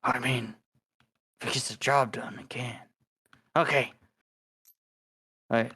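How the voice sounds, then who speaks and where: A player in a tabletop game, speaking in a halting, deadpan way. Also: medium pitch, breathy edge.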